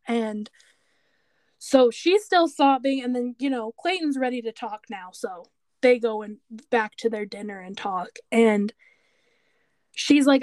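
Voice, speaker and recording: Chatty high-voiced woman recapping a show. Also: a little slow, no echo. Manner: chatty, retells scenes with animated quoted voices. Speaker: podcast co-host. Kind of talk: casual chat recapping a TV show.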